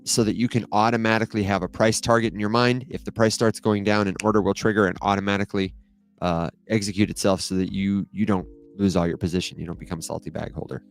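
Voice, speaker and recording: A man's voice: lowish voice, smooth. A man co-hosting a casual crypto chat, friendly and chatty, often restarting his words. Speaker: co-host.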